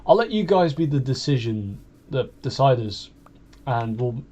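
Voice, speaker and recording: A young YouTuber from Wolverhampton, England, speaks with a West Midlands accent in a mellow, medium-pitched, sing-song voice, unhurried. His casual, confessional monologue is rambling and hesitant, and he often restarts his sentences. The recording sounds muffled.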